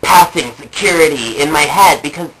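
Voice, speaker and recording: A woman's voice: low-pitched, lively intonation, moderate pace, background noise. A young adult woman telling funny personal stories in a rambling way, with many fillers and repeated phrases. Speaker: vlogger. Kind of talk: comedic personal storytelling.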